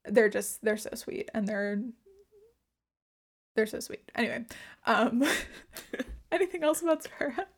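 A woman's voice: a little high, animated, measured pace, long pauses. Young woman cohosting a chatty podcast, lots of likes and ums, giggles a bunch. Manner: chatty, fillers, giggly asides. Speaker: podcast co-host. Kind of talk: casual chat.

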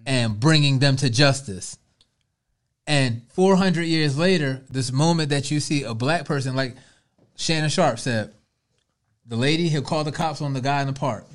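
A man's voice: mid-range voice, normal speed. A man talking casually on a podcast, loose and conversational, stretching words for emphasis. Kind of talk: casual chat.

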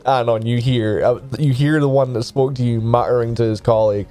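A man in the game master's seat, narrating a tabletop game at a middle pitch in a relaxed, loose manner with casual swearing. Faint music sits under his voice. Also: moderate pace.

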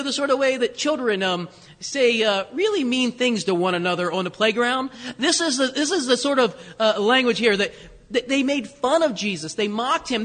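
Male pastor, high voice, chatty sermon delivery with rhetorical asides, long church reverb. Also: a bit bright. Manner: conversational, asks congregation rhetorical questions, self-correcting. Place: church sanctuary.

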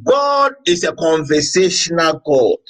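Man preaching slow, high bright voice, repeats stuff and shouts some words. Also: very animated, poor audio. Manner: emphatic preaching with sudden shouts and drawn-out words; repeats phrases for emphasis. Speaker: pastor. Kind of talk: sermon.

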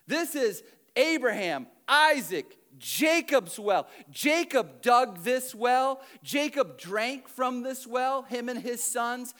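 Guy doing a high, mocking lady at a well, incredulous and pushy. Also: animated, rapid-fire, few pauses. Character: sarcastic, defensive Samaritan woman at a well.

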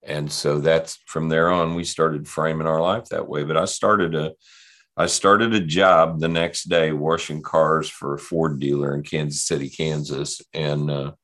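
A man's voice: extremely low pitch, level tone, a little slow, a bit bright. A man, telling his life story in an interview with a rambling, conversational manner. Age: 60s. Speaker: guest.

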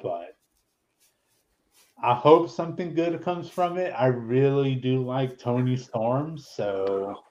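A man's voice: medium pitch, animated, slow pace, a little mellow, muffled recording, slight background noise. A man hosting a podcast in casual chat, annoyed and swearing freely. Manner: annoyed and profane. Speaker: podcast host.

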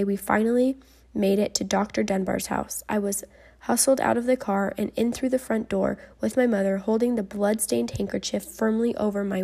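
A woman reading a memoir aloud in a measured storybook manner, dropping to a soft whisper at tense moments. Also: medium pitch, creaky. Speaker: reader.

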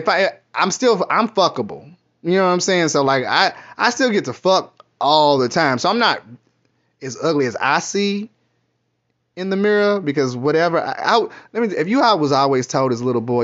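A man's voice: on the high side, a bit bright. A middle-aged man from Kentucky, telling candid, profane stories in a rambling casual monologue. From Kentucky, USA. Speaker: vlogger. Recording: muffled lo-fi audio.

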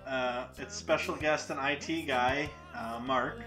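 Bright-voiced young man hosting a stream. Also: mid-range voice, fairly even intonation, unhurried, faint music behind. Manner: rambling, joking, laughs often. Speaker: host and producer of a live movie news stream. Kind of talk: casual live-stream chat.

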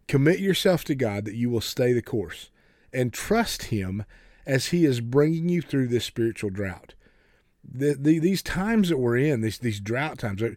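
A man's voice: medium pitch, darkish tone, no echo, clean studio sound. A man preaching a folksy, earnest sermon, often repeating words as he starts a sentence.

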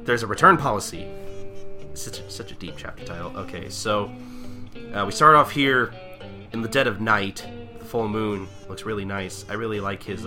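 A man co-hosting a podcast, recapping a manga chapter in a rambling, casual way with lots of fillers. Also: fairly low pitch. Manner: rambling, many fillers, lively. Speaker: podcast co-host.

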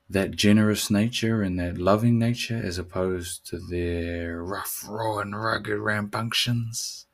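A man's voice: deep voice, a little mellow. A man, hosting a solo podcast in a laid-back, slangy way that turns reflective. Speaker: podcast host. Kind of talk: casual solo podcast chat.

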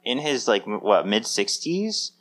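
With a mid-range, sing-song voice and a fairly bright tone, a man speaks at a measured pace. He's a podcast co-host in casual chat, upbeat and chatty, using lots of fillers.

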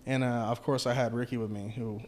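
A man co-hosting a casual podcast, telling a story in an animated, profane way and laughing along. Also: mid-range voice, a little fast. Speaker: podcast co-host.

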